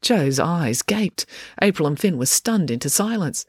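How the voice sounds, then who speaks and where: Woman storyteller, lowish voice with lively ups and downs, dry close-miked read. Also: unhurried, husky, no echo. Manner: expressive, playful narration. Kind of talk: reading a children's story aloud.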